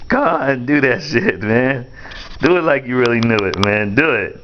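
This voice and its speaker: A man talking playfully to an infant while filming, coaxing him and jumping into high baby-talk pitch. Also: animated, normal speed, muffled recording, background noise.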